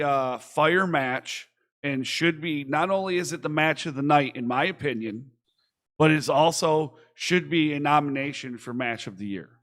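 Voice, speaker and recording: A young man from Michigan co-hosting a casual podcast, rambling excitedly and swearing freely. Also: fairly high pitch. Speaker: podcast co-host. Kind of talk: casual chat.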